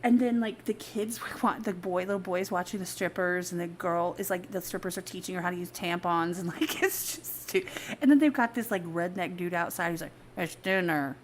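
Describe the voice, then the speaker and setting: A woman's voice: on the low side, a little fast, few pauses, slight background noise. A woman chatting casually on a podcast, telling stories with lots of laughter. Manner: laughs often, animated storytelling. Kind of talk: casual chat.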